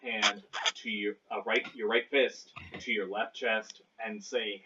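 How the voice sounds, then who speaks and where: A man takes his turn in a tabletop game over voice chat, laying out his character's actions step by step. He speaks in a measured, even way, and the sound is a little dull. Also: lowish voice, background noise. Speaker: player. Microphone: online voice chat.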